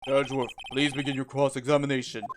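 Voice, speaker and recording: A man's voice: mid-range voice, little pitch movement, fast, noisy background, natural voice. A man voicing a probing courtroom judge. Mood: formal. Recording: game audio with music behind.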